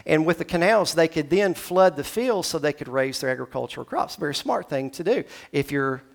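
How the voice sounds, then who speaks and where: In the church sanctuary, a pastor from Tennessee delivers his sermon in a conversational way, bringing scripture dialogue to life through shifting pitch and loudness. His voice is expressive, brisk, and creaky.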